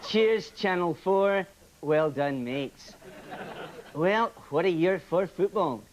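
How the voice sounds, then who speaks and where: A man's voice: high-pitched, lively intonation, takes it slowly, crowd noise, background noise. A man playing a dry, sarcastic football show presenter in a comedy sketch. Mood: sardonic. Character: sardonic Scottish football show host, man.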